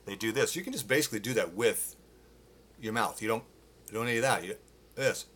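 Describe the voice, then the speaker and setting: A man teaching singing live, explaining technique with restarts and breaking into loud sung demonstrations. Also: lowish voice, fairly quick. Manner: demonstrates with loud sung grunts and vocal exercises. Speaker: vocal coach. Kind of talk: live-streamed singing lesson. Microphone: phone.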